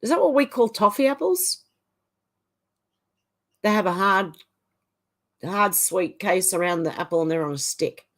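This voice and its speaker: In a mid-range, expressive voice, an Australian woman reads live chat comments aloud on her stream and chats back casually. She keeps a measured pace marked by long pauses.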